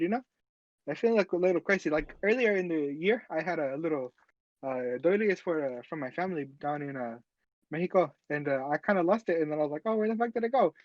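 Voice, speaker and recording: A man's voice: a little high, darkish tone, no room sound, muffled recording. A man playing a tabletop role-playing game in character, rambling casually with lots of fillers. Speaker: player.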